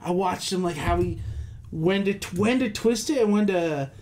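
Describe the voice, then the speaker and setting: A man telling an excited, profane story about music gear in a casual podcast chat. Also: high voice, normal speed.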